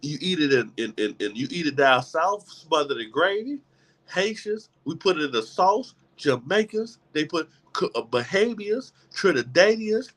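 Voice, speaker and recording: A middle-aged man delivers a motivational talk to a gathered group, his pitch sitting fairly high for a man. He speaks in an emphatic, preacher-like way, doubling up words as he drives each point home. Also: sing-song, moderate pace, a bit bright.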